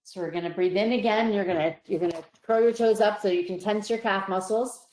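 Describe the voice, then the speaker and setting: A woman psychologist guiding listeners through a relaxation exercise, calm and slow, her voice softening on each release. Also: mid-range voice. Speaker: psychologist presenter. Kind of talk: guided relaxation instruction. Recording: roomy echo.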